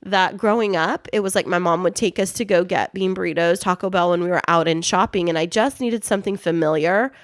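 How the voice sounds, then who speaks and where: A woman's voice: lowish voice, fairly quick, few pauses, dry recording, clean studio sound. A woman co-hosting a podcast, telling stories casually and laughing often. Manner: warm storytelling, laughs often. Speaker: podcast co-host. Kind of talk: casual chat.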